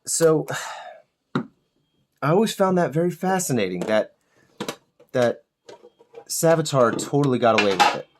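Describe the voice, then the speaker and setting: A man hosting a miniature painting channel, chatting casually as he paints and ranting with lots of swearing and animated outbursts. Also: on the high side, measured pace, pauses often, slight background noise. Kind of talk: casual chat while painting.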